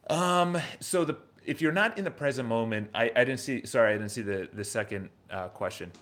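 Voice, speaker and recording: A New York-accented man in his thirties hosts a casual motivational livestream in a medium-pitched, fairly bright voice, talking a little fast. He's emphatic, repeats himself, and fires off plenty of rhetorical questions.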